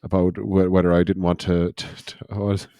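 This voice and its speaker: Brief: deep mellow male co-host, stumbling and laughing through casual talk. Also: level tone, smooth, no room sound, clean studio sound. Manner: halting, many fillers and restarts, quick to laugh. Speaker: podcast co-host. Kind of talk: casual chat.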